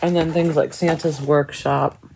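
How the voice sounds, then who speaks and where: Chatty low-voiced woman showing craft books. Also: steady tone, a little slow, a little mellow, slight background noise, rough recording. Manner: chatty, admiring, thinking aloud. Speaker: cross stitch vlogger. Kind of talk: casual show-and-tell of craft books.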